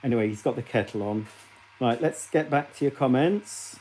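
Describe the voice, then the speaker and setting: Casual male streamer, mellow voice, gossipy and teasing, talking straight to his viewers. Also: mid-range voice, moderate pace, breathy edge. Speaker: livestream host. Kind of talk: casual live-stream chat.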